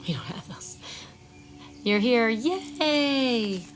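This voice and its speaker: A woman hosting a live Reiki session outdoors. She chats with viewers, stumbles over their names, then gives soft, slow breathing cues. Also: on the high side, expressive, soft background music. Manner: chatty, reads viewers' names aloud and fumbles them. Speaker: Reiki practitioner and stream host. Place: outdoors at sunrise.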